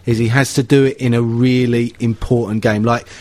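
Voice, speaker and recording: A man's voice: medium pitch, little pitch movement, normal speed, a little mellow, dry recording. A man talking football on a casual podcast, thinking aloud with frequent restarts. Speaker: pundit.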